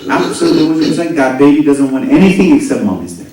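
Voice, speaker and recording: A man preaching a sermon, swinging between loud rising lines and soft low asides, often asking the audience questions. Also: fast talker. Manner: animated, rising and dropping to near whispers, asks the audience questions. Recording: very echoey hall, voice from a distance.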